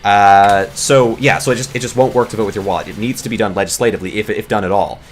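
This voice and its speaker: A man's voice: lowish voice, fast talker, faint music behind. A man creating gaming videos, ranting off the cuff in a rambling, exasperated way, full of restarts and fillers. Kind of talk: off-the-cuff commentary rant.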